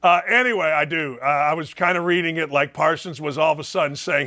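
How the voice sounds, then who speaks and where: A man's voice: fairly high pitch, a little fast, pushed and bright. A middle-aged man hosting a sports talk show, riffing sarcastically and reading viewer comments aloud.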